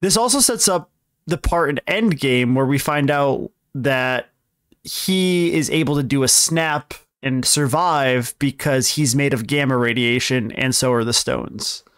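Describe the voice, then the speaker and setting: A man's voice: mid-range voice, measured pace, fairly bright tone, clean tone, no room sound, studio quality. A young man co-hosting a casual podcast, recapping a story at length in a rambling, self-correcting way. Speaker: podcast co-host explaining films.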